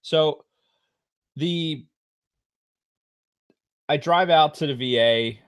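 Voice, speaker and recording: A middle-aged man co-hosting a podcast, telling a long story in a casual, profane way with loud outbursts. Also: a little high, very slow, clear, resonant tone. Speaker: podcast co-host.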